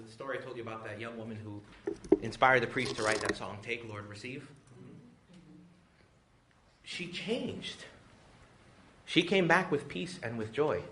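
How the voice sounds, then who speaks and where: Male priest giving a retreat talk, lively and jokey, acts out voices, faint background noise. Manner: animated and joking, acting out quoted voices with big pitch jumps. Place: retreat venue with a live audience.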